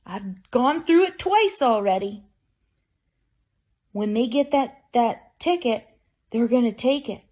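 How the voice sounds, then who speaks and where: A woman's voice: a little high, lively intonation, slow, pauses often, warm tone. A woman talking straight to camera in an emotional personal vlog, bitter and raw, with wry laughs between her points. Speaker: vlogger.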